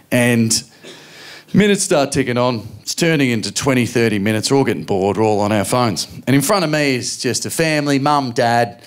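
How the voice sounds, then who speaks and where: A man in his forties with an Australian accent, performing a stand-up comedy routine on stage and telling stories with acted-out voices and sudden shouts. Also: mid-range voice. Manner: animated storytelling, acting out voices and shouts. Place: comedy venue stage with a live audience.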